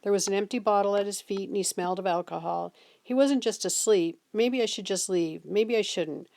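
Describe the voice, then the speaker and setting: Woman narrating a book chapter, steady and even. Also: medium pitch, brisk, vocal fry. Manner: steady first-person narration. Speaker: reader. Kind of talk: reading a novel aloud.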